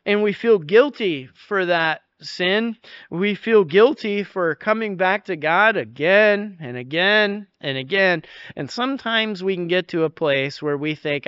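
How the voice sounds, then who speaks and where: A man preaching a sermon in a conversational way, often restarting phrases and dropping to a soft, intense hush. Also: high-pitched, smooth, no echo, lo-fi sound. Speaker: pastor.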